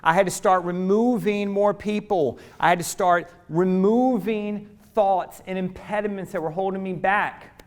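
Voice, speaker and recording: A middle-aged man giving a motivational keynote, telling a story dramatically, swinging from hushed asides to loud preacher-like calls to the audience. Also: high-pitched, fairly even intonation, measured pace. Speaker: motivational speaker.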